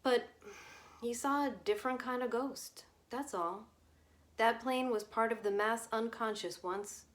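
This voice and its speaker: A woman's voice: a little high, a little slow, pitched above the performer's own voice, close to an everyday voice. A woman voicing a glib, cynical male journalist who explains things away in a breezy, lecturing way.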